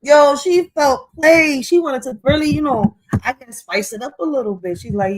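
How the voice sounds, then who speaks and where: A woman's voice: a little high, brisk, few pauses, a little hiss or hum, low-quality recording. A woman hosting a reaction video, commenting in a casual, profane, slangy way and often saying "yo". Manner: profane, slangy, animated, frequent "yo".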